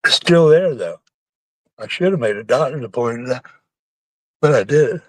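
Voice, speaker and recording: A man's voice: medium pitch, expressive, moderate pace, slight background noise, poor audio. A man chatting casually and rambling with his viewers on a live stream, sounding like he has a bad cold. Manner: rambling, salty, joking.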